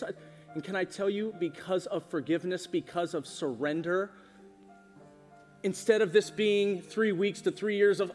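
A man delivering a sermon from the stage, his slightly high voice animated and emphatic. The sound carries a long reverb from a church auditorium, with soft instrumental music underneath. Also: moderate pace. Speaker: pastor. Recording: reverberant hall with music behind.

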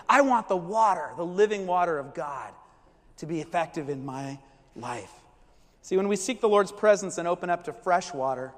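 A man preaching a sermon as pastor, animated and conversational, with asides to the congregation. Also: high voice, in a large hall.

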